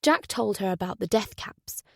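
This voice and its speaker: A woman narrating a thriller audiobook in a steady, even manner. Her voice sits in the middle of the range and has a noticeable gravelly texture. The recording is dry and close. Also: medium pitch, moderate pace, dry recording. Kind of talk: scripted narration.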